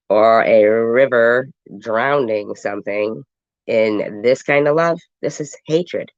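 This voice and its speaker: A woman's voice: rumbling low, takes it slowly, no echo, lo-fi sound. Congested woman in sarcastic commentary. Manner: sarcastic, mocking asides. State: congested from a cold. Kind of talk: live reaction commentary.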